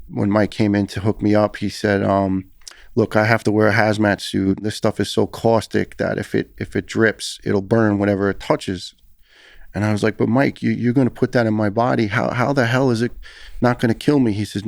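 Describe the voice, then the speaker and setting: A man's voice: fairly low pitch, gravelly, darkish tone, no echo, clean studio sound. A middle-aged man with a New York accent, a former firefighter telling his story as a podcast guest, talking intensely and earnestly with frequent restarts. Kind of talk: conversational storytelling.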